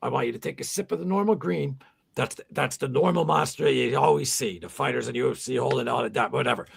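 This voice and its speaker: Man, podcast co-host, casual chat, very gravelly, husky, rambling, insistent. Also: mid-range voice, fast.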